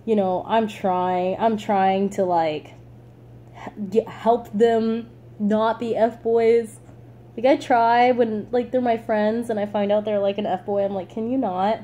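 A teenage woman talks straight to her viewers, telling a story in a loose, chatty way. Her voice sounds mellow and warm. She fills her talk with "like" and breaks into laughs as she goes. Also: medium pitch, takes it slowly, muffled recording, a little hiss or hum. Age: late teens. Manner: chatty, animated, lots of "like", laughs. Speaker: vlogger. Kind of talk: casual storytelling to camera.

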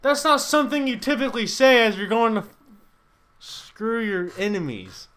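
A young man giving casual gaming commentary, swearing freely, laughing and reacting loudly to the game. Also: high-pitched, expressive, normal speed. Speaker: gameplay commentator.

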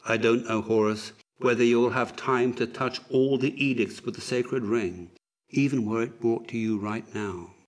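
A grave court physician, quiet and sorrowful, as a male narrator puts him on. He speaks slowly in a mid-pitched, measured voice. An audiobook reading. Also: fairly even intonation, close to an everyday voice. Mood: solemn. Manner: quiet, solemn counting.

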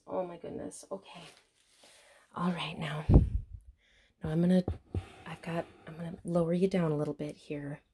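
Gushing Midwestern woman unboxing at home. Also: on the low side. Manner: gushing, gasps with excitement. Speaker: vlogger. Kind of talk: unboxing vlog. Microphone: camera on tripod.

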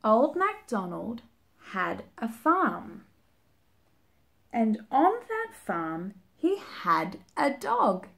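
Slow, high sing-song woman. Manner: slow sing-song, drawn-out animal sounds. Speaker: children's book reader. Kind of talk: singing a nursery rhyme picture book aloud.

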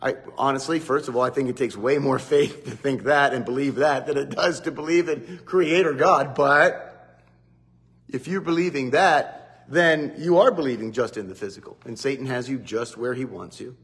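Male preacher, animated Bible talk, mid-pitched voice, quotes acted out. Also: normal speed. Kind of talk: devotional Bible teaching.

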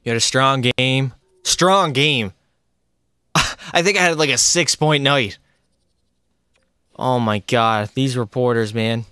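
Young guy streaming hockey, hyped and chatty, smooth clear voice, dry close mic. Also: medium pitch, slow, pauses often, dry recording. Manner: excitable, talks to chat and teammates. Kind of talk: live gameplay commentary.

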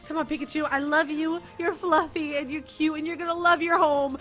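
A young woman giving excited let's-play commentary, giggling often and jumping from loud squeals to quiet mumbles. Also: high voice, fairly quick, hardly any pauses, soft background music. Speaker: gaming YouTuber.

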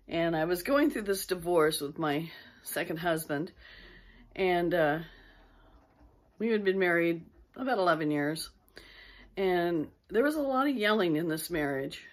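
A woman's voice: fairly low pitch, expressive, a little slow, long pauses. A middle-aged woman casually telling a personal ghost story to her viewers, rambling and interrupting herself as she goes. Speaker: vlogger.

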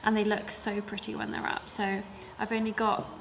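A woman's voice: medium pitch, monotone, normal speed, vocal fry, a little hiss or hum. A young woman who runs a sewing school, chatting casually to camera about her week. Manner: chatty, with many fillers. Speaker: sewing school owner and teacher. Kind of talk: casual vlog chat.

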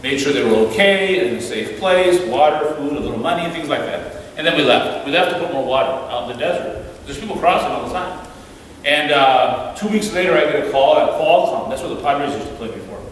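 Fast-talking man in an echoey hall. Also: a little high, a little hiss or hum. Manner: fast, animated, acts out the voices in his stories. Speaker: guest speaker at a church. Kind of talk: storytelling talk. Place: church hall. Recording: echoey hall from far off, faint ambience.

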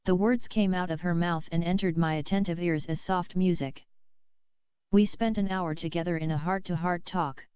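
A woman reading a novel aloud in a measured, steady way, close to the mic, on a slightly dull lo-fi recording. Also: fairly low pitch, smooth, dry recording. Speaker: audiobook reader.

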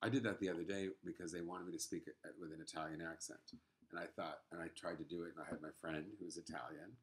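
Fast-talking, chatty male host. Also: low-pitched, flat delivery. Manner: chatty, incredulous interjections. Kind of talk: casual interview chat.

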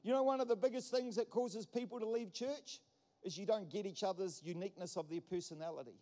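High-voiced preaching pastor in a reverberant hall. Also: male voice, a little fast, dark tone. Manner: emphatic, repetitive wordplay preaching. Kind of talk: sermon. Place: church hall. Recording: long church hall reverb.

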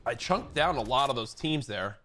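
A young man streaming a game, talking fast and excitably while joking with a friend. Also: mid-range voice, noisy background. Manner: excitable, rapid-fire, joking. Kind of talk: casual gaming chat.

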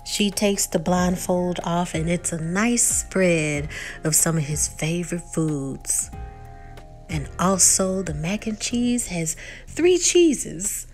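A woman vlogger recapping a TV episode in a lively way, acting out the quotes. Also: fairly low pitch, takes it slowly, faint music behind.

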